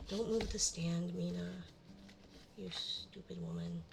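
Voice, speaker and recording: A woman's voice: lowish voice, steady tone, takes it slowly, gravelly, heavy background noise. A young woman hosting a casual live stream from her home desk, rambling and muttering self-mocking remarks to herself as she sets up. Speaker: livestream host. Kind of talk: casual live-stream chat while setting up.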